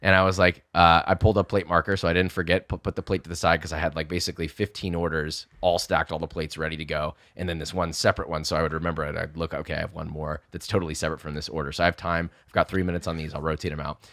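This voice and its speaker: Deep-voiced young man, dry close sound, animated storyteller who swears a lot. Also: rapid-fire, few pauses, no echo. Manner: animated, swearing, acts out quotes. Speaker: podcast guest. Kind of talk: casual storytelling.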